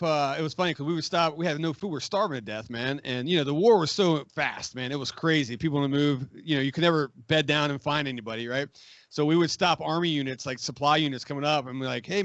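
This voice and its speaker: A man in his forties, a magazine editor, telling a profane, animated war story on a podcast and acting out what others said. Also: on the high side, no echo, lo-fi sound. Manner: profane, animated, acts out quoted voices. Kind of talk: casual storytelling, war anecdote.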